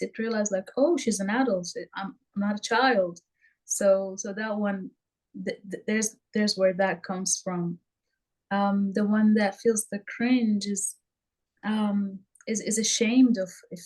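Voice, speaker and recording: A woman's voice: mid-range voice, a little mellow, low-quality recording. Hesitant woman sharing in a workshop. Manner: hesitant, many ums and restarts. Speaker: workshop participant.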